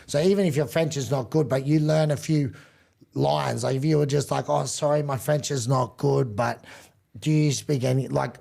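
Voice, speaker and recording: An Australian man, a rugby league coach as podcast guest, telling stories in a relaxed, rambling way, often restarting his sentences. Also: medium pitch, moderate pace, creaky. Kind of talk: casual chat.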